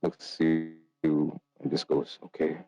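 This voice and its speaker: A man with a very low voice narrates a tabletop game as game master. He talks loosely, filling his lines with ums and uhs. The sound is dry and close. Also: normal speed, no room sound, dull audio. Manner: loose, relaxed narration with many fillers.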